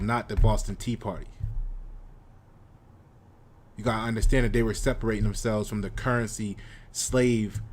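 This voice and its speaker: An American man delivering a confrontational lecture on his channel, repeating himself as he drives his points home. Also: on the low side. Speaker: channel host. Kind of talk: monologue commentary.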